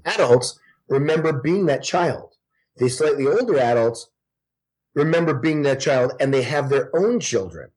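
A man in his forties talks as a podcast guest, with a slightly husky, breathy voice at a middle pitch. He tells stories with animated energy and drops profanity freely. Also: unhurried. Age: 40s. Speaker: guest actor. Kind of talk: casual podcast chat.

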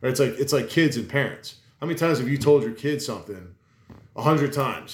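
A man's voice: medium pitch, expressive, fairly quick. A man talks loosely and emphatically, stacking restarts and swearing as he rants. His voice sits in the middle range. The recording has a roomy echo. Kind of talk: casual chat.

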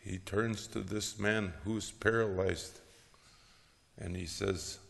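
Man lecturing on preaching, gravelly low voice, slow, echoey hall. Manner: lively storytelling, frequent "huh?" tags and chuckles. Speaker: teacher of preaching. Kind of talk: lecture on preaching with Bible stories.

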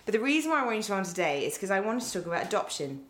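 A woman's voice: medium pitch, sing-song, very fast, a bit bright. A middle-aged English woman hosting a podcast, chatting playfully with a friend, rambling and laughing often. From England. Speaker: podcast host. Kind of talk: casual chat. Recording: echoey room.

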